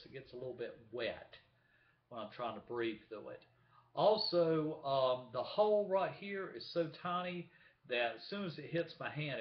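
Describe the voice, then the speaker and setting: A man talking casually to the camera in a vlog, chatty, showing things to the viewer. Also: medium pitch. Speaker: vlogger. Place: room at home with window open. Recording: echoey room, dull lo-fi sound.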